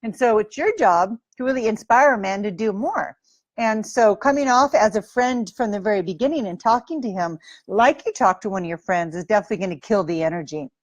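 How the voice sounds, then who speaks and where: A woman's voice: mid-range voice, a little fast, dry recording, dull audio. A woman dating coach giving advice straight to camera in a breezy, playful way, acting out sample lines.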